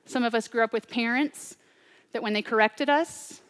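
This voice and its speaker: A woman delivers a sermon in a fairly high voice, pressing hard on some phrases and dropping to a hushed near-whisper on others. Her words ring out with the long reverb of a large hall, and she talks in a loose, conversational preaching style. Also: normal speed, smooth. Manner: swings between loud urgent preaching and hushed near-whispers.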